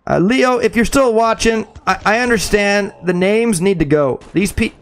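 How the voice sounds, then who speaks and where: A young man streaming a shooter game live, chatting excitedly with viewers and calling them bro. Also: high voice, normal speed. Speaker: gaming streamer. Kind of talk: live gameplay commentary.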